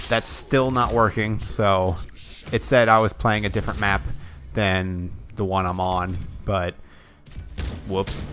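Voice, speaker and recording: A young man with a lowish voice chats through a gaming video, wandering and self-correcting as he goes. Faint music plays underneath his commentary. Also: a bit bright. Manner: rambling, self-correcting, chatty. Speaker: gaming YouTuber. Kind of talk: casual gameplay commentary.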